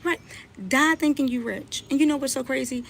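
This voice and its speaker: An adult woman, a blogger and mother, rants on a live stream, scolding and confronting the person she's talking about. Her voice is high-pitched and creaky, with a steady tone and a fairly quick pace. There's slight background noise.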